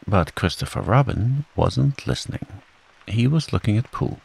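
A man calmly reading a bedtime storybook aloud, in a soothing manner. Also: lowish voice, normal speed, creaky, breathy edge. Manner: calm, soothing. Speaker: narrator.

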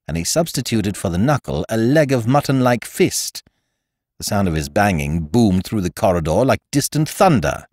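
A man and podcast host reading a classic comic story aloud in first person, with wry, expressive storytelling. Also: lowish voice, normal speed, dry recording, studio quality. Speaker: audiobook narrator and podcast host. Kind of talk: scripted storybook narration.

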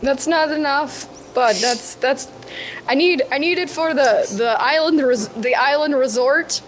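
A woman's voice: sits high, a little slow, a little hiss or hum, poor audio. A woman voicing a chatty dead woman turned cosmic patron deity, with a Midwestern accent and a folksy, rambling way of talking. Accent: American Midwestern. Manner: folksy, rambling, keeps calling people bud. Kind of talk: tabletop role-play in character.

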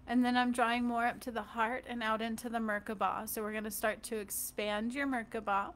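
A woman energy healer leading a guided healing meditation, talking softly and loosely with fillers and gentle check-ins. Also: on the high side, level tone, brisk.

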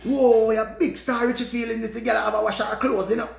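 A man with a Jamaican accent telling a story in an animated, profane rant and repeating his phrases. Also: extremely high pitch, fast, vocal fry, roomy sound. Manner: repetitive, profane, dramatic retelling. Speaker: vlogger.

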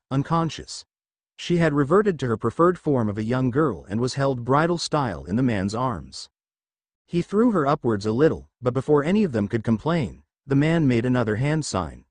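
A man's voice: mid-range voice, sing-song, normal speed, no echo. A man reading a fanfiction adventure aloud as narrator, voicing every character in much the same voice.

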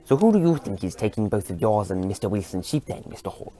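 A man doing Doctor Who, a fussy old gentleman. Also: on the low side, big pitch swings, quick pace. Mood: genteel. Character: Doctor Who, eccentric elderly gentleman time traveller.

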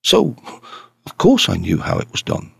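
A man reading the part of a quiet, patient, shrewd elderly priest in an audiobook, subdued in manner. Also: fairly low pitch, huge pitch swings, normal speed, creaky, husky, no room sound, long reverb tail, exaggerated voice. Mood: grave.

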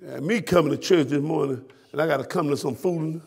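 A male pastor with a Southern US accent, preaching a fiery sermon that swings from shouted peaks to hushed drops. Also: fairly high pitch, fast talker, creaky, breathy edge. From Florida, US.

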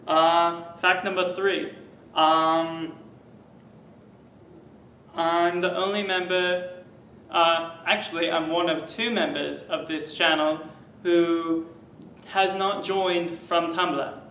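A young man puts on a muddled fake British-Australian accent, slow and high-pitched, full of ums and proud claims. He sits back from the mic in a roomy, echoing space with a faint hum behind. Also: fairly even intonation, pushed and bright, far from the mic, heavily acted. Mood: boastful. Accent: fake British-Australian mix. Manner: listing facts with many ums and pauses, boastful.

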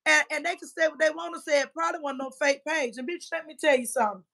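A woman in her fifties with a high-pitched voice, ranting on a livestream. She trash-talks in a combative, profane way, swinging between loud outbursts and muttered asides. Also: fairly even intonation, fast talker, gravelly. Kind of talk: heated livestream rant.

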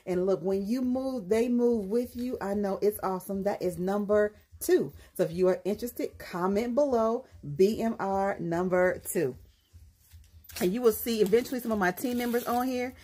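A woman's voice: mid-range voice, darkish tone, slightly rough. A woman hosting her own live jewelry sales show, sassy and chatty, laughing often and calling her viewers girl and honey. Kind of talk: casual live-stream sales pitch.

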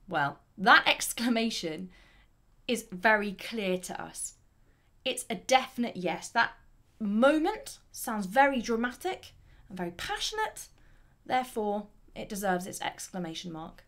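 A woman teaching a grammar lesson, explaining clearly and deliberately and reading example sentences with lively emphasis. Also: medium pitch.

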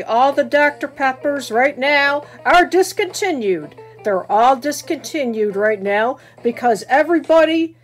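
Woman voicing a mock-formal news announcer. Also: sits high. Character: adult news announcer delivering bad news. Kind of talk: homemade toy skit.

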